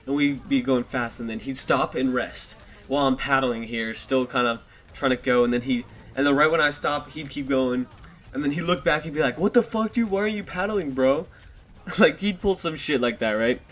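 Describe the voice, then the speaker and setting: Speaking into a desktop USB mic, this male vlogger in his twenties rambles through a story for his audience, cursing often and chuckling at his own expense. His mid-range voice has a slightly bright quality and runs at normal speed.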